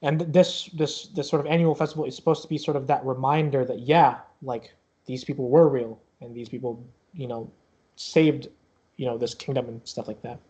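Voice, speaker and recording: A man's voice: medium pitch, steady tone, a little fast, mellow, husky. Rambling man running a tabletop game. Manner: rambling, many fillers and restarts. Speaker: game master. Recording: dull lo-fi recording.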